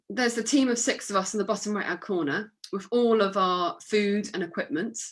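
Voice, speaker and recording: A woman's voice: mid-range voice, fairly bright tone. A woman giving an illustrated talk with slides, chatty and upbeat, with fillers. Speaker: guest speaker.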